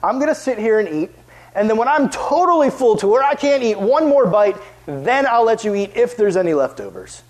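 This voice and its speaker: A man doing a bossy, gloating girl, his sister in a told story, pitched well above his own high voice and pushed louder than his usual talk. She drags her words out smugly, in charge and enjoying it. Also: big pitch swings, low-quality recording. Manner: smug and drawn-out.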